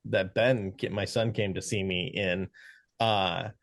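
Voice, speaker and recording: A man's voice: low voice, steady tone, measured pace, creaky, dry recording, clean studio sound. A middle-aged man co-hosting a movie podcast, speaking hesitantly with many uhs and ums. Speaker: podcast co-host. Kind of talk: casual chat about movies.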